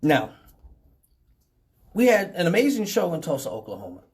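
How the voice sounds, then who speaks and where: A man hosting a live show, from Detroit, telling profane stories with animated voices for each person in them. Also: a little high, normal speed. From Detroit, Michigan. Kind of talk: casual storytelling.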